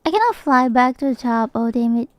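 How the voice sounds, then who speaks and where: A woman's voice: sits high, animated, a little fast. A woman streamer, not a native English speaker, chatting playfully and laughing often while she comments on a game. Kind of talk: casual gaming commentary.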